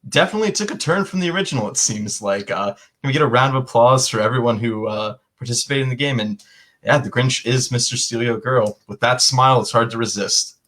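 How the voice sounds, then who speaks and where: A man's voice: medium pitch, brisk, a bit bright. A man hosting an improv comedy show, introducing games casually with fillers.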